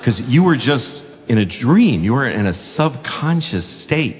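A man doing observational stand-up comedy with a lively delivery and quick bursts of speech. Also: medium pitch. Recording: reverberant live venue with background noise.

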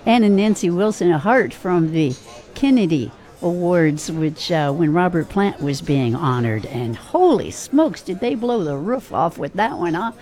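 A woman's voice: on the low side, big pitch swings, unhurried, mellow. A woman hosting a radio show, upbeat and exclamatory as she takes calls between songs. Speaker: radio host.

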